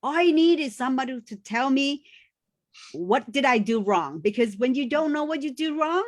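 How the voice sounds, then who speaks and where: A woman with a non-native English accent hosting a casual interview over a video call, animated and quick to laugh. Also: sits high, no room sound, clean studio sound. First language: not English. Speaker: host.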